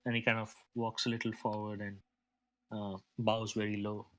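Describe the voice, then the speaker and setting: A man's voice: fairly low pitch, monotone, moderate pace. A man playing a tabletop game, casually describing what his character does. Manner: casual with fillers. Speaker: player.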